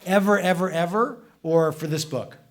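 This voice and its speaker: Chatty, lively man giving a public talk. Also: high-pitched, normal speed. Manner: chatty, animated, acts out voices in anecdotes. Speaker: comics author answering audience questions. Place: library event room with audience.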